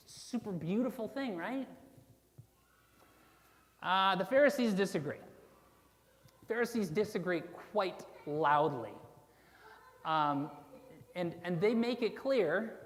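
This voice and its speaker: A woman's voice: lowish voice, long reverb tail. A woman pastor giving a conversational sermon, with casual fillers and asides to the congregation. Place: church sanctuary.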